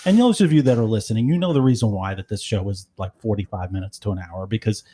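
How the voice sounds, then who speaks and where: A man's voice: lowish voice, fast talker, dark tone, breathy edge. A man co-hosting a podcast, talking casually with lots of fillers and wry asides. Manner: rambling, many fillers, wry. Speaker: podcast co-host. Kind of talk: casual chat.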